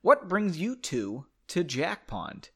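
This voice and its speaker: A man voicing a calm adult woman at an inn in a storybook reading, measured and unhurried. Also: on the high side, slightly rough, pitched above the performer's own voice, exaggerated voice.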